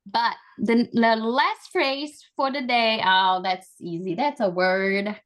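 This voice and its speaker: Speaking slowly in a steady tone on the high side, this Portuguese-speaking language and culture trainer from Amazonas, Brazil, runs a video-call language lesson. She guides learners through call-and-repeat drills in a cheerful, encouraging, talkative manner.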